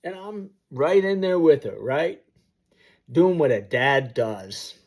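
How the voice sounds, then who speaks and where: An inspirational personal story is told to the camera by a motivational storyteller whose slightly high voice moves slowly with lively intonation. Sound effects fill his vivid narration.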